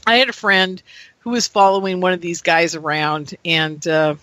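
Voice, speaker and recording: A woman speaks as a talk-radio guest in a bright, sharp voice, venting with feeling. She jumps up in pitch to mimic gullible people she disagrees with. Her voice sounds close and dry, with no room echo. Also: flat delivery, moderate pace. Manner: ranting, mimics gullible listeners in raised voice. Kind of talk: animated talk-radio rant.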